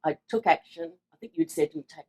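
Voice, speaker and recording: A woman's voice: deep voice, brisk, mellow, breathy edge, poor audio. A woman from Australia chatting in an interview about her business, talking with many fillers and restarts. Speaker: online seller sharing her story. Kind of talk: casual interview.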